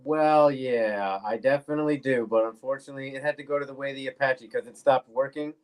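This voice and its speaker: Laid-back swearing musician telling stories. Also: male voice, medium pitch, quick pace. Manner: laid-back, swears freely, animated anecdotes. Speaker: guest bass player. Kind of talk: casual storytelling interview. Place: podcast studio.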